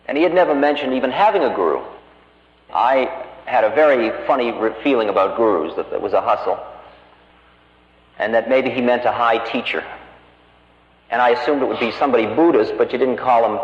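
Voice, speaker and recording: A man's voice: mid-range voice, normal speed. A man giving a lecture, telling a story from his own life in a wry, conversational, self-mocking way. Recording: roomy hall, dull lo-fi archive tape.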